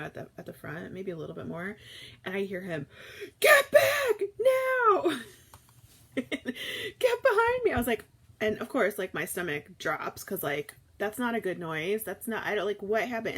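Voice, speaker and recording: A woman's voice: medium pitch, slightly rough. A woman in her thirties, chatting casually and rambling through a live morning stream, with lots of fillers and restarts. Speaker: food vlogger hosting a live morning chat.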